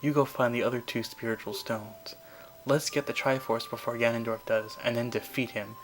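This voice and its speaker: A man's voice: medium pitch, level tone, moderate pace, slight background noise, close to an everyday voice, rough recording. A man voicing an earnest, grave young princess with formal speech, reading her game lines.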